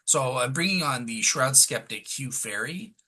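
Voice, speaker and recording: A man hosting a casual podcast chat, relaxed and informal. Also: medium pitch, normal speed, low-quality recording. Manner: relaxed, casual fillers like "all right, cool". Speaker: host.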